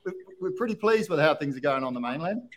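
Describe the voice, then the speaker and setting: A man with an Australian accent hosting a casual podcast, excitable and laughing, often stumbling over his words. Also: on the high side, quick pace, a little hiss or hum. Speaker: podcast host.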